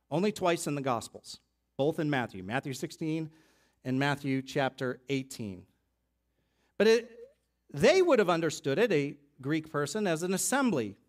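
A pastor preaching a sermon in a loose, conversational teaching voice, a man pitched a touch high. He stumbles and restarts, drops into offhand asides, then builds to louder, emphatic stretches. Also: lively intonation, moderate pace.

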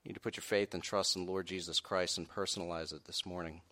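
A pastor preaches a sermon in a low, level voice at a fast clip, putting direct questions to the congregation. He swings between quiet, earnest stretches and loud, raised peaks.

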